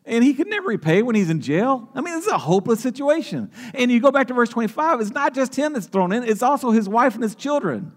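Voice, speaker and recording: Casting: male pastor, high voice, preaching a sermon with repeats and restarts, long echo of a big church hall. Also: very animated, quick pace, few pauses.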